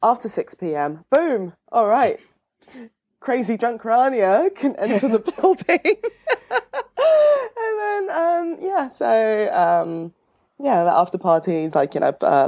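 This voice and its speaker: Bubbly woman chatting with swooping pitch. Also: darkish tone. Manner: bubbly, swooping pitch, many fillers and laughs. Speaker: podcast guest. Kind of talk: casual chat.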